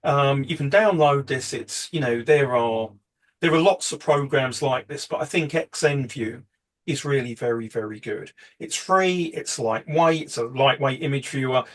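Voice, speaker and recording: A man's voice: mid-range voice, moderate pace. A man presenting a photography workshop in a casual, rambling way, full of fillers and restarts.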